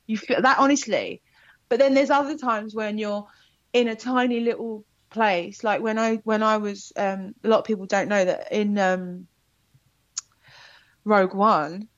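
A talkative woman in an interview, telling lively behind-the-scenes stories. Her sound is dry and a little dull. She talks at a middle pitch. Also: a little slow, no room sound. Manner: chatty, animated storytelling with laughs. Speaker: actor guest. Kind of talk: casual interview chat.

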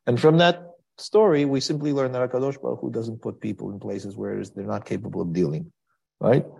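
A man's voice: mid-range voice, fairly quick, creaky, dark tone, breathy edge. A man teaching a Torah class in a conversational style, asking rhetorical questions and quoting Hebrew verses.

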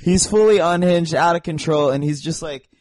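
A man's voice: a little high, moderate pace, a little mellow, a little hiss or hum. A young man talking as a podcast guest, joking and rambling, laughing often. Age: young adult. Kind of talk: casual comedic podcast chat.

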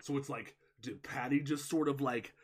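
A young man co-hosting a casual movie review podcast, rambling and animated with lots of filler words. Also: medium pitch, normal speed, a little hiss or hum. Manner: rambling, heavy use of "like", animated. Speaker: podcast co-host.

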